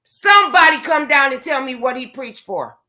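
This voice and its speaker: A woman's voice: high-pitched, lively intonation, moderate pace, pushed and bright. A woman vlogger, delivering a profane, confrontational rant to her viewers. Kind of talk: angry rant to camera.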